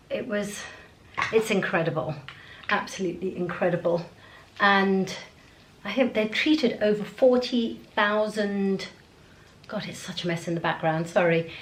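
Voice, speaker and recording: A woman talks straight to her camera at home, casual and rambling, chatting away while she goes through her routine. Her voice sits at an ordinary, middle pitch for a woman. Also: poor audio. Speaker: beauty vlogger. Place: at home, indoors.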